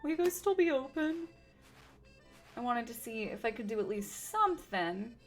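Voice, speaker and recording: Woman streamer, sore throat, high voice, lively swoops, casual chat with viewers. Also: moderate pace, soft background music. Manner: chatty, greets chat, thinks aloud. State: sore throat, sipping tea. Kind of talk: casual game livestream chat.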